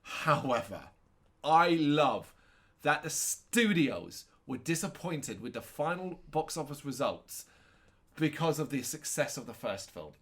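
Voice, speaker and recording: A man's voice: fairly high pitch, very animated, unhurried, a bit bright. A man co-hosting a casual film chat, sarcastic and ranty, often correcting himself mid-sentence and swearing. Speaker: co-host reviewing a film.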